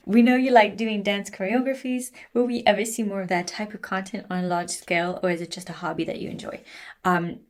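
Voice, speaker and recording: A woman in her twenties chatting casually while answering viewer questions, laughing often. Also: lowish voice. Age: 20s. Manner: chatty, laughs often, switches languages, sings snippets. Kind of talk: casual Q&A chat.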